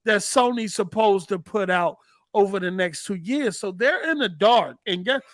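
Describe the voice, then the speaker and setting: A man hosting a gaming talk show. His voice sits high and close on a dry mic. He talks in animated bursts and repeats words as he builds each argument. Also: no room sound. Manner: animated, rapid, repeats words when excited. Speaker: podcast host. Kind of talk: casual gaming chat.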